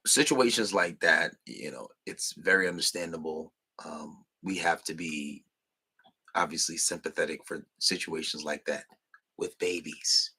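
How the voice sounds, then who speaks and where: A young man hosting a podcast, talking bluntly in a casual monologue and full of profanity, mimicking people in high voices. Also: bright, forceful tone. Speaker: podcast host.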